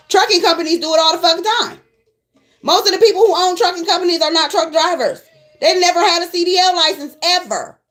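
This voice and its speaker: A woman's voice: very high-pitched, a bit bright. Blunt, profane woman scolding her viewers. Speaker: tarot reader. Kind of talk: casual rant to viewers.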